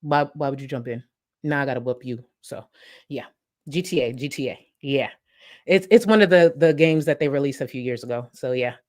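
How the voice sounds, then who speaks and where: In a bass voice and at a brisk clip, a young woman who runs a commentary channel delivers a profane, animated story, her casual chat rising loud and dropping to a hush.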